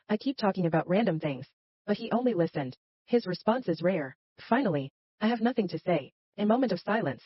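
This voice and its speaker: Breathy woman narrating a romance story. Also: medium pitch, lively intonation, brisk, dry recording, dull audio.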